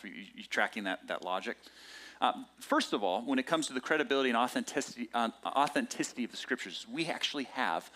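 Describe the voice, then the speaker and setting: Lively, animated male preacher. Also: mid-range voice, fast. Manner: conversational and animated, acting out quoted lines. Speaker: pastor. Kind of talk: sermon.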